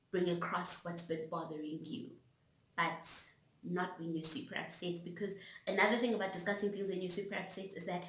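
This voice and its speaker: A young South African woman giving casual, frank advice to her viewers, animated and direct, acting out her own outbursts. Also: lowish voice. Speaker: vlogger. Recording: roomy echo.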